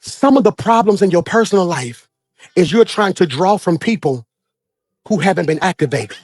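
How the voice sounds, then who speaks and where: A man preaching a sermon as pastor, swinging from shouted high points to low, quiet asides and acting out characters. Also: animated, no room sound. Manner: acts out characters in quick dramatic voices.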